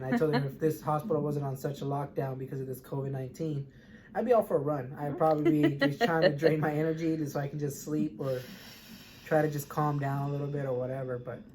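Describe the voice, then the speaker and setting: A man's voice: fairly high pitch, fairly even intonation, fast, a crowd in the background. A young man, an expectant father, talking earnestly in a casual chat from a hospital room, often repeating words as he rambles.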